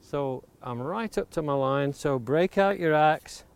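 Out by the coast, a woodworking instructor carves with an axe as a hands-on demonstration, patiently walking through each step and stressing safety. His voice is fairly high, unhurried and creaky, yet clear with a resonant tone. Axe chops click in the background.

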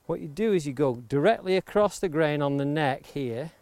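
A man's voice: a little high, normal speed, no echo. Man demonstrating axe carving outdoors. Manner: steady, patient, safety-minded explaining. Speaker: woodworking instructor. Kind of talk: hands-on demonstration. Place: outdoors near the coast. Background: axe chopping clicks.

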